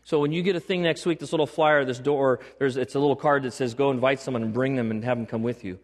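A man's voice: medium pitch, fairly even intonation, fast talker. Emphatic male pastor in a reverberant hall. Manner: emphatic, repeats key phrases, asks the congregation questions. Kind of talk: sermon. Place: church sanctuary. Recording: long reverb of a large hall.

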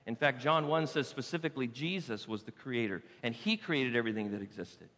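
A man preaching a sermon to his congregation on a handheld microphone, emphatic, often dropping to soft, quiet asides. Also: medium pitch, lively intonation, a little fast. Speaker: pastor. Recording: reverberant church hall.

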